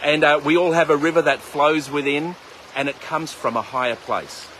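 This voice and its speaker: Speaking at normal speed in a fairly high, bright voice with fairly even intonation, a man guides meditation beside a flowing river, with slight background noise. He livestreams casually, chatting with viewers by name and joking between instructions.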